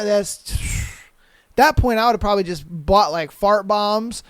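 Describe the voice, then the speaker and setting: Podcast host, young guy, high clear voice, slangy and profane, close dry mic. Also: animated, a little slow, no echo. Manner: loose, profane, slangy banter with sudden loud outbursts. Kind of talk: casual podcast commentary reading listener answers.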